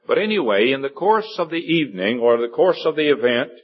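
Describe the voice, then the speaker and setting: A man's voice: big pitch swings, brisk, slightly rough. Earnest guy preaching a sermon, lots of uh's, voice jumps up on the big points, dull lo-fi sound. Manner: earnest, rises in pitch for emphasis, many fillers. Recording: dull lo-fi recording.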